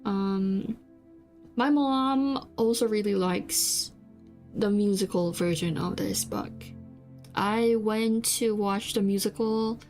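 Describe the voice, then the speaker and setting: With her mid-range, darkish voice, a young South Korean woman streaming as a VTuber talks slowly and casually, hesitating, rambling, and restarting often amid many fillers. Korean is her first language, and faint music sits in the background.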